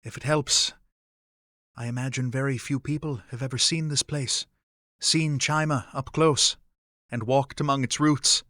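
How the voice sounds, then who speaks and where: Man doing formal fae man, calm, remote, measured, dry close sound. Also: medium pitch, no echo.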